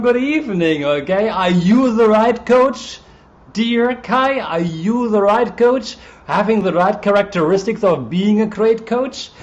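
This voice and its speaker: A man with a German accent hosting a casual live stream as a coach, chatting and greeting viewers by name. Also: high-pitched.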